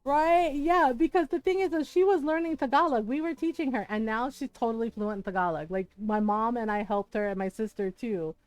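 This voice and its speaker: A woman's voice: fairly high pitch, fairly quick, few pauses, darkish tone, smooth, dry recording, soft background music. A woman streamer chatting casually while playing a video game, telling stories animatedly and swearing freely.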